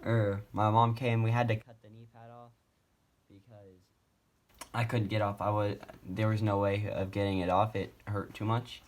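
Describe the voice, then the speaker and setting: A man's voice: lowish voice, little pitch movement, normal speed. A young man casually telling a personal story on his vlog, rambling with many fillers and restarts, speaking from a wheelchair at home. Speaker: vlogger.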